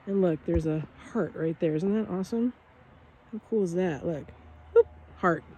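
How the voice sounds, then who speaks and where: A woman's voice: on the low side, moderate pace, warm tone, breathy edge, poor audio. A woman chatting casually while walking outdoors, bubbly and laughing often, with many fillers and restarts. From Northern California. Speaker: vlogger. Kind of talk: walking nature vlog. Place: outdoors, rural property. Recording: faint outdoor background noise.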